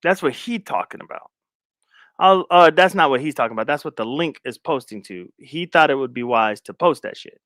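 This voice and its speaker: A man's voice: fairly high pitch, animated, brisk, a bit bright, dry recording, studio quality. A man hosting a casual live stream, talking loosely in slang and repeating his phrases while he shares his screen. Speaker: live stream commentary host.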